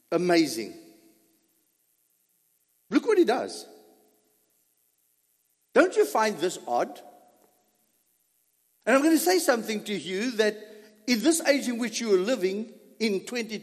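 A man delivers a dramatic first-person sermon in a high, animated voice, leaning hard on rhetorical questions. He stretches out key words with emphatic weight. The sound rings with the long reverb of a hall. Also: measured pace, long pauses. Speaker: preacher.

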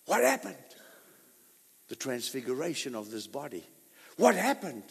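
Animated preacher man in echoing hall. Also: medium pitch, moderate pace, creaky, husky. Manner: animated preaching with rhetorical questions and sudden loud peaks. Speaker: pastor. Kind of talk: sermon. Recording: long hall reverb.

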